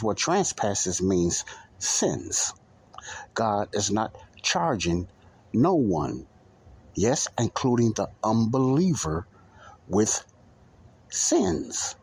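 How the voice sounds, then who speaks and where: A man preaching a podcast Bible lesson, slow and emphatic, with long pauses between phrases. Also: lowish voice, slightly rough, poor audio.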